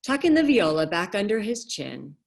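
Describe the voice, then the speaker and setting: A woman author reading her novel aloud in a measured, expressive way over a video call. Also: medium pitch, creaky.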